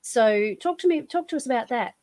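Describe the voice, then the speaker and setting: A woman's voice: fairly high pitch, lively intonation, fairly quick, darkish tone, dry recording. A woman hosting a podcast interview, chatting enthusiastically and rambling through her thoughts. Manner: enthusiastic, rambling, restarts often. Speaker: podcast host. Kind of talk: casual interview chat.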